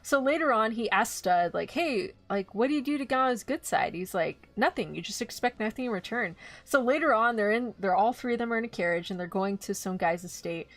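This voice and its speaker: A woman streaming live, casually recapping an anime, animated and swearing freely as she acts out quick quotes. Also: on the high side. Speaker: VTuber streamer.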